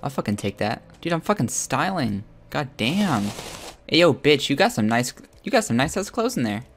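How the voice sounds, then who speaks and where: A man giving crude, joking commentary while playing a video game, with loud excited outbursts. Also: medium pitch, moderate pace, slight background noise. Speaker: gamer streaming his own play. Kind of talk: profane let's-play commentary.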